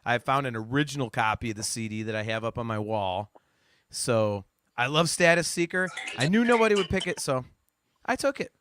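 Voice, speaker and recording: A man hosting a casual podcast chat, animated and teasing, often laughing. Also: medium pitch, fairly quick, clear, resonant tone. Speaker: podcast host.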